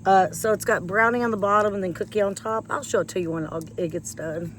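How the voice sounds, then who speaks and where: A woman's voice: mid-range voice, fast talker, a little hiss or hum. A woman chatting casually with her viewers while pulling weeds outdoors, rambling and folksy, with a slight cough from a chest infection. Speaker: vlogger. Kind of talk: casual chat while doing yard work. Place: outdoors in a yard by a porch.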